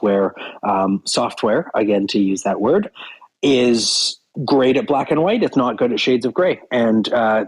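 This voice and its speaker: A man speaking as an interview guest, with a somewhat husky, breathy edge to his mid-pitched voice. He talks directly and earnestly, working through concrete examples in a relaxed conversational way. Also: low-quality recording. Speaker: software company CEO, guest. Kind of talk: casual interview chat.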